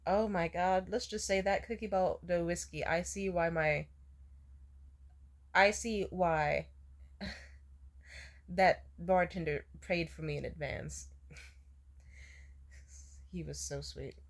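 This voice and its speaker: A woman's voice: fairly low pitch, slow pace, pauses often. A hungover young woman telling a rambling, swear-filled story to camera, laughing often. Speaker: vlogger. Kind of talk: casual storytime rant.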